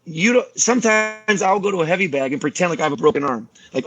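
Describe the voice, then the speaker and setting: A man's voice: high-pitched, quick pace, dry recording. A man on a podcast, talking casually and animatedly, acting out the people in his stories. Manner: animated storyteller, acts out quoted voices. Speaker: martial arts teacher guest.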